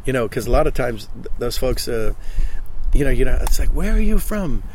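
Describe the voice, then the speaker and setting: A man in his sixties, a voice actor speaking in a casual interview, halting and often repeating his words. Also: mid-range voice, steady tone, background noise. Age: 60s. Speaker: voice actor guest.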